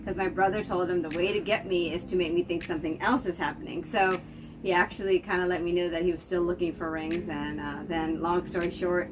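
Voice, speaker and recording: An American woman casually telling the story of her marriage in a lively, laughing way. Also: on the low side, a little fast, background noise. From United States. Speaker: interviewee, wife. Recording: distant mic with music underneath.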